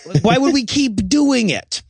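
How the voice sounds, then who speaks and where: Man, podcast co-host, comedic movie recap, profane, storytelling, high voice, dry sound. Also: very animated, unhurried, gravelly, slightly rough, no room sound. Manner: profane, storytelling, acts out quotes.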